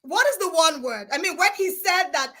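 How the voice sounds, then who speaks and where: Female host, high and bright, bursting with excitement, loud exclamations. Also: normal speed, rough recording. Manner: effusive, exclamatory, often near shouting. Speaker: event host. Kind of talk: live online conference hosting.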